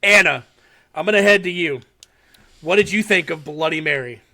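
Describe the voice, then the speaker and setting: On a podcast he co-hosts, a man excitedly recaps a horror short in casual talk, swearing often and laughing along. His voice is on the high side, at a normal speed.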